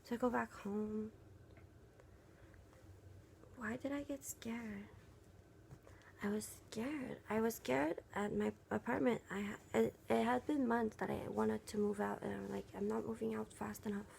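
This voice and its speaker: A young woman venting in a casual vlog, speaking softly and haltingly with many fillers, her voice gravelly and often half-whispered. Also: fairly high pitch, steady tone, slight background noise. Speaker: vlogger.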